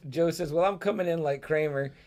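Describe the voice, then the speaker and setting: A man's voice: a little high, fairly quick, darkish tone. A man co-hosts a loose podcast in a slightly raised voice. His talk is full of "like" and "you know", and he swears freely. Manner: profane, filler-heavy, lots of "like". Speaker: podcast co-host reading chat comments. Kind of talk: casual chat.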